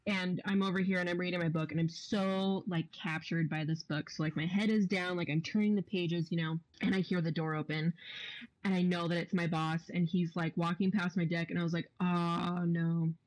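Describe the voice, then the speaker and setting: A woman's voice: on the low side, a little fast, rough recording. A young woman telling a funny work story on a casual podcast, often laughing and acting out what others said. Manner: animated, laughing, acts out quotes.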